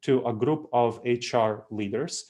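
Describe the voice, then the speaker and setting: A middle-aged man with a Russian accent presents a business training talk at an average pitch. He explains with emphatic repetition, returning to his key phrases again and again. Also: unhurried, warm tone. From Moldova. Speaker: speaker, trainer.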